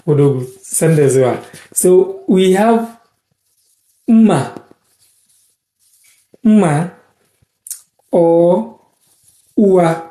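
A man from Ghana teaching words in a casual live-stream lesson, repeating each word slowly and thanking viewers by name. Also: high-pitched, warm tone, echoey room.

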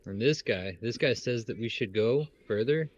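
A man's voice: mid-range voice, animated, moderate pace, highs cut off. A young man gaming with a friend, teasing and swearing in a laid-back way over voice chat. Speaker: gamer. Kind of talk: casual let's play banter.

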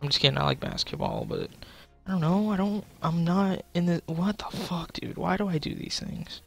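Gravelly young man swearing at a game. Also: on the high side, big pitch swings, normal speed, soft background music. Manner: swearing, frustrated, joking, talking to chat. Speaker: gaming YouTuber. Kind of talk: casual gameplay commentary.

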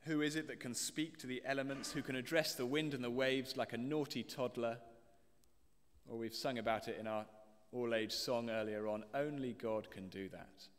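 A British man with a mid-range, steady, clean voice preaches a sermon at normal speed, explaining a passage and reading scripture aloud to the congregation. He speaks in British English, and the church adds a long reverb.

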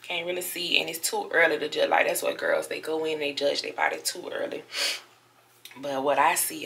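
Woman vlogger, sore after surgery, low pitch, gravelly edge, chatty talk to camera. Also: level tone, normal speed, a bit bright, a little hiss or hum. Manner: chatty, talks straight to viewers as y'all. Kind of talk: casual vlog talk to camera. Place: hotel room, indoors.

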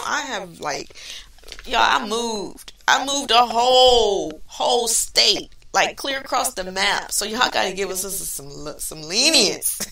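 A woman's voice: on the high side, bright, forceful tone, reverberant. A woman hosting her own podcast as a life coach, chatting casually, laughing often and using slang. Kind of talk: casual chat. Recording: distant mic with faint music.

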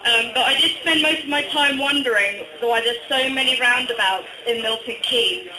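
A stand-up comic with a slight northern English accent and a strikingly high voice, delivering deadpan one-liners between hesitant ums. The recording is a phone capture from the crowd, roomy and echoey, with clear bar noise behind him. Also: male voice, moderate pace. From Durham, England. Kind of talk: stand-up comedy set. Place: small bar venue, indoors. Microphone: phone recording from the audience.

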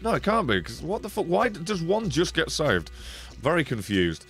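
His pitch is fairly high here and his pace normal. He's animated and sweary, commenting on the card game he's streaming and talking to viewers, with faint music in the background.

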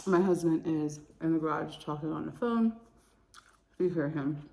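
A woman's voice: low voice, moderate pace, creaky, mellow. A young woman eating on camera in a casual vlog, chatty and gushing, with slangy asides. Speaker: mukbang eating vlogger.

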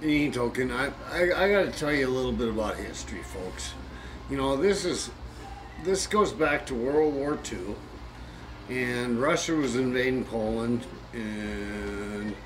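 A man's voice: medium pitch, rough recording. A man telling a folksy joke in rambling, colloquial speech with restarts, with banjo music playing behind him. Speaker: storyteller.

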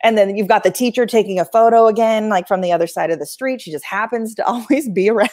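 A woman's voice: mid-range voice, quick pace, darkish tone. Chatty woman podcast host. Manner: chatty, wry asides, lots of "like". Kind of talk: casual TV review chat.

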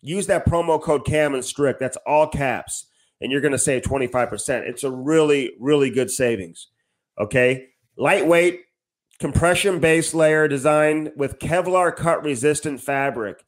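Speaking at a measured pace in a slightly high voice, this male podcast co-host chats casually and handles sponsor ad reads. His style is breezy, with "man" popping up a lot.

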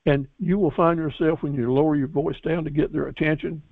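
A man with a somewhat high voice coaches his class in a folksy, encouraging way, often restarting and repeating himself. The sound is thin and tinny, like a phone line, and dry, with no room echo. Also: steady tone, brisk, gravelly. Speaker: business course instructor. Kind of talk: graduation lecture to a class.

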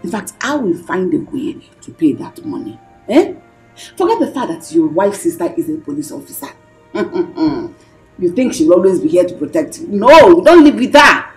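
A woman's voice: medium pitch, big pitch swings, normal speed, close to an everyday voice. An actress playing a middle-aged mother who lectures her grown children in a film. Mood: warning. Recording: echoey room with music under.

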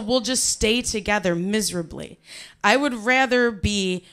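A woman from Cleveland telling her life story to a live audience, profane and animated, swinging from quiet, low asides to shouted punchlines. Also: a little slow. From Cleveland, USA.

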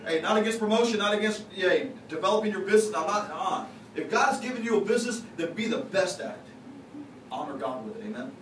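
A man's voice: sits high, expressive, fast talker, fairly bright tone. A man preaching a conversational, folksy sermon to his congregation, sharing confessions and teasing people in the pews. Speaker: pastor. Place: church sanctuary. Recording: echoey, distant, noisy church recording.

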